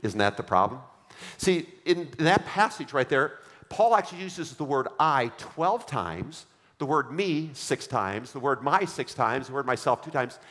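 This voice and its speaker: A male pastor preaches with an emphatic, repetitive cadence, calling his congregation to read along. His voice sits at an ordinary middle pitch, and it carries a long reverb from a church hall. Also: lively intonation, measured pace, fairly bright tone. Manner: emphatic preaching with repeated refrains; leads the congregation in reading aloud. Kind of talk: sermon.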